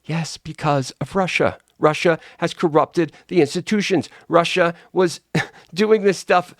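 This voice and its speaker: A man's voice: fairly high pitch, fairly even intonation, a little slow, no room sound, clean studio sound. A man delivering a combative, profane political rant straight to camera, often repeating himself for emphasis. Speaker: political commentator.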